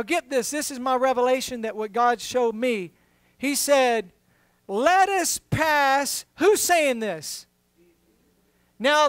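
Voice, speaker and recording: A man's voice: extremely high pitch, fairly bright tone, dry recording. A middle-aged man, a pastor, preaching a sermon, moving from humorous storytelling to emphatic preaching.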